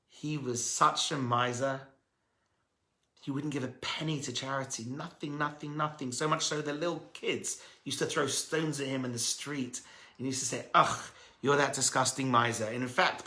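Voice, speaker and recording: Animated storytelling rabbi, bright voice. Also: male voice, mid-range voice, echoey room. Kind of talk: storytelling sermon.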